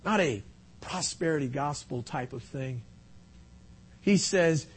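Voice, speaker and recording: A man preaching a sermon as pastor, telling a personal story in an earnest, confessional way and swinging from hushed to loud. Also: a little high, lively intonation, measured pace, long pauses, husky.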